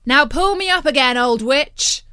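A woman voicing a bold, greedy young male soldier in a read-aloud storybook, speaking briskly and commandingly, a little higher than her narration. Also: lively intonation, fairly bright tone, no echo, clean studio sound.

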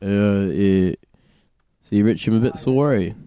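A man's voice: lowish voice, slow, mellow, smooth, dry recording, dull audio. A man hosting a wrestling chat show in a small studio, in laid-back, jokey banter. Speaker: wrestling podcast host.

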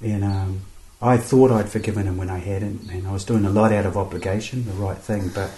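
A man telling a faith story in casual conversation, halting and repeating words, with "bro" and "eh". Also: on the low side, fairly even intonation, warm tone, reverberant, poor audio. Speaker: guest sharing testimony.

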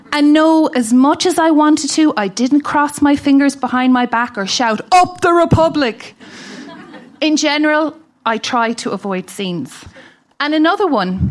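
A woman from Ireland with an Irish accent, reading a humorous letter aloud on stage with wry, dry humour. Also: a little high. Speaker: festival reader. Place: live event stage.

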